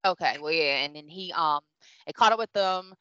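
A woman's voice: low voice, moderate pace, pushed and bright, no echo. A woman in a casual review chat, rambling, self-correcting and laughing often. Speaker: show reviewer. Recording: dull, dry sound.

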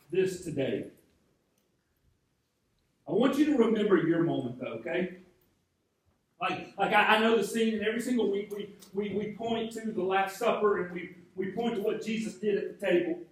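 High-voiced pastor in an echoing sanctuary. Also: male voice, moderate pace. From North Georgia, USA. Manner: conversational storytelling with frequent repeated starts. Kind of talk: sermon. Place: large church sanctuary. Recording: very echoey hall, voice from a distance.

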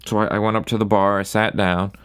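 A man's voice: lowish voice, little pitch movement, fairly bright tone, clean tone. A young man hosting a solo podcast, telling a rambling bar story in a wry, casual way. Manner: rambling, wry, does quick voices for people in his stories. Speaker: podcast host.

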